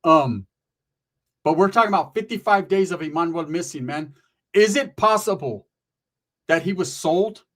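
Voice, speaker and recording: A man's voice: sits high, a bit bright. A middle-aged man telling a story and giving commentary as a channel host, casual and profane, full of streetwise slang and emphatic asides.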